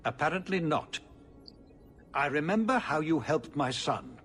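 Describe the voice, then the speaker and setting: An actor playing a weary, cautious older city ruler who speaks in a measured, formal way, in video game dialogue. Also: male voice, on the high side, lively intonation, fairly bright tone, faint music behind. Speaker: city ruler addressing the hero.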